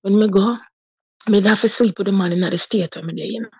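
In a husky, mellow voice, a thirty-something Jamaican woman tells her personal story with deep emotion, moving into patois at times. She speaks fairly quickly, and the recording is dry and close with no room sound.

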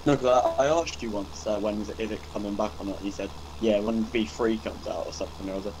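A man's voice: fairly low pitch, fairly even intonation, fast talker, noisy background. A man chatting casually and matter-of-factly with other gamers over voice chat.

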